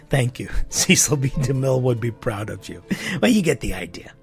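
A man preaching a sermon in a lively, conversational way, with asides and quick questions to his listeners. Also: medium pitch, vocal fry, soft background music.

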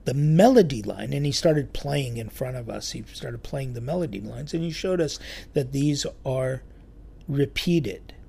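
A man telling a church story in a sermon, lively and acting out the quoted voices. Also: medium pitch, a little slow, creaky, breathy edge. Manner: animated storyteller, acts out quotes.

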